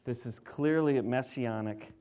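A middle-aged man preaching a sermon in a conversational way, often asking the congregation questions and dropping to a hushed, solemn tone when reading scripture. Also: medium pitch, normal speed, clean tone. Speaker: pastor.

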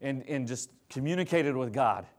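A man's voice: mid-range voice, expressive, moderate pace. A man preaching a sermon in a conversational style that rises to emphatic declarations. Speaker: pastor.

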